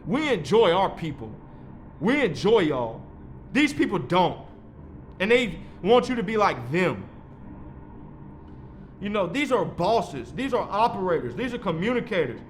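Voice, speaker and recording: High-voiced man ranting in his thirties. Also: very animated, unhurried, long pauses, slight background noise. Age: 30s. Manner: heated, profane, preachy. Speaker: vlogger. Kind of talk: rambling monologue.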